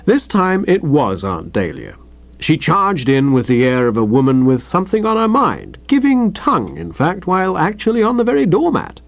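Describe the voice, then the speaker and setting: A man narrating a comic first-person audiobook in a brisk, chatty way. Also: a little high, huge pitch swings, no echo, highs cut off.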